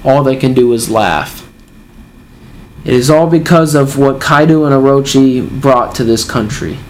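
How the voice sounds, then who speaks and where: A man's voice: mid-range voice, a little slow, natural voice, poor audio. A man reading aloud the lines of a grieving young noblewoman, in a plain read-through. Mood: earnest. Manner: reads aloud plainly from a comic page.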